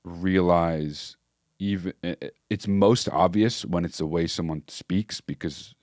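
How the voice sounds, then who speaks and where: A man co-hosting a podcast, in easygoing casual chat, often pausing to search for words. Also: low-pitched, a little mellow, no echo, studio quality. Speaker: podcast co-host.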